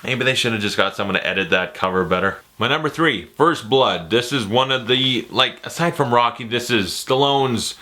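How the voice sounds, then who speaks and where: Excitable jokey man for a movie vlog, bright, forceful tone, swears freely. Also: mid-range voice, normal speed, hardly any pauses. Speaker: movie reviewer. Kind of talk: casual movie ranking vlog.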